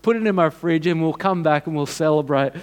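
A man's voice: a little high, a little fast, clear, resonant tone, lightly acted. A man voicing an overwhelmed grown woman who asks eager, pleading questions in a sermon story.

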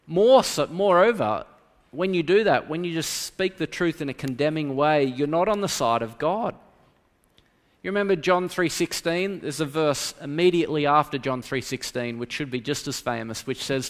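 A pastor preaching a sermon in a church, swinging between loud emphasis and hushed quiet. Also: male voice, on the high side, normal speed. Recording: long reverb of a church hall.

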